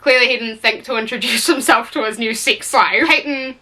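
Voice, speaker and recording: A woman with a bright, fairly high voice reads a story aloud for comic effect. She keeps stopping to pick it apart with dry, sarcastic, exasperated asides, and faint music plays underneath. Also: a little fast. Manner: sarcastic, exasperated running commentary. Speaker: reaction video host. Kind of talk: comedic reading with commentary.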